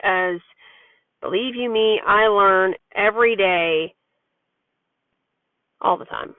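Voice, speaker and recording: A woman's voice: mid-range voice, slow pace, dry recording. A woman talking frankly in a rambling, chatty personal vlog about her life as a parent. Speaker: parent vlogger. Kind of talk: candid personal vlog monologue. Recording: tinny phone-like dry sound.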